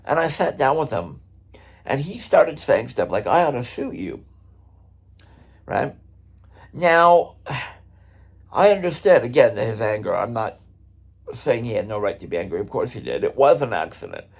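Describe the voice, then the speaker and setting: A middle-aged man with a husky, slightly rough voice tells a story from his touring days. He talks casually and conversationally, and his pitch jumps up and down with lively expression. He drops the odd swear word along the way. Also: normal speed, pauses often. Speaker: drummer and vlog host.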